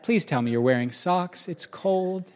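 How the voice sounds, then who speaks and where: A man's voice: high-pitched, animated, measured pace, darkish tone. A man preaching a sermon in a conversational, joking way, with asides to the audience.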